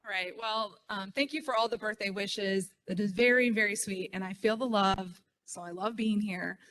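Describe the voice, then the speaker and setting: A middle-aged woman speaks at a conference podium. Her delivery is chatty and self-deprecating, full of ums and quick asides as she talks to the room. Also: medium pitch, fairly bright tone. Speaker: state official speaking at a conference. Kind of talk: conference speech.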